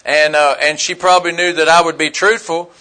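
Male preacher, straight-talking storyteller with a high, ringing voice. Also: steady tone, a little fast, sharp tone. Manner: blunt, folksy storytelling with rhetorical questions. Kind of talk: conversational sermon.

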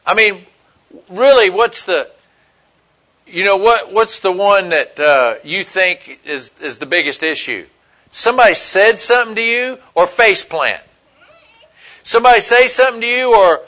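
High, bright-voiced male preacher. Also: expressive, a little slow. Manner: storytelling, emphatic, repeats phrases. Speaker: pastor. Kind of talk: sermon.

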